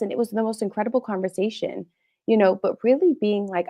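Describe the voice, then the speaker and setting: A woman's voice: mid-range voice, fast talker, warm tone. Earnest, heartfelt woman guest. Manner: earnest, emotional, reflective. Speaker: guest psychotherapist. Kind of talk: candid interview talk.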